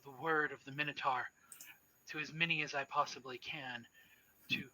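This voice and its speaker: A man voicing a calm, gently cheerful woman devoted to a strange cult, as a game master's character in a tabletop game. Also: on the high side, moderate pace, low-quality recording. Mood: serene. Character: serene cult-devoted woman of no clear age.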